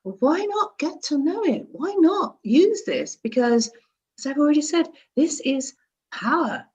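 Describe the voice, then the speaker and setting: Lively expressive woman. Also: sits high, unhurried, highs cut off. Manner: animated, demonstrative, laughs often. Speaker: guest wellbeing specialist. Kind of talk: casual conversation. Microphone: seated at a chair.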